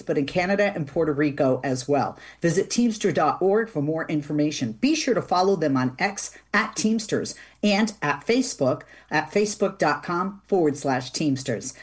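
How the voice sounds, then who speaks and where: A woman's voice: deep voice, darkish tone, husky. A woman hosting a talk show, chatty and easygoing, with plenty of fillers and restarts. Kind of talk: casual radio interview.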